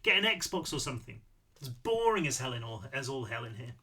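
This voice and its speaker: A man's voice: medium pitch, very animated, a little fast, sharp tone, slightly rough, exaggerated voice. A man voicing a cocky, sarcastic teenage boy in a read-through of his novel. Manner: sarcastic, mouthy.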